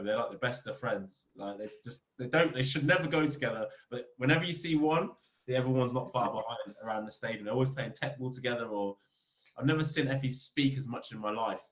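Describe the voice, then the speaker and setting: A man, a football club captain, chatting as a podcast guest and telling lively stories about the game. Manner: animated storyteller, rising pitch when telling funny stories. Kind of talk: casual interview chat. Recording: roomy echo.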